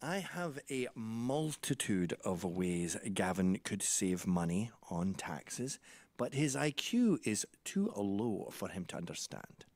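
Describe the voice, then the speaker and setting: A man voicing his blunt, scornful old father with a slow, dry put-down. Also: fairly low pitch, big pitch swings, a little mellow, dry recording, voice pushed down, full character voice.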